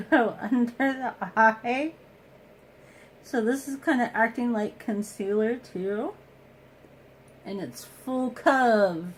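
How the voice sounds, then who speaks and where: A woman's voice: a little high, slow pace, long pauses, a little hiss or hum, low-quality recording. A woman chatting casually through a makeup tutorial at home, explaining each step and joking about herself. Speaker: beauty vlogger.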